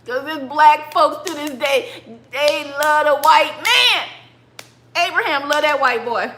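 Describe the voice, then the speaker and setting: A woman hosting a livestream, casually retelling a Bible story with animated laughter and bursts of song, recorded in an echoey room. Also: high-pitched, slow, a little hiss or hum. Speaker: livestream host.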